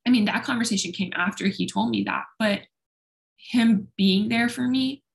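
A woman's voice: mid-range voice, normal speed, vocal fry. A young woman speaking openly and at length as an interview guest, talkative and self-deprecating. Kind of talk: candid personal conversation.

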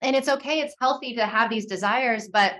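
A woman talking as a podcast guest in a casual, animated way, often saying "like". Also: a little high, fairly quick. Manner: animated, frequent fillers like "like".

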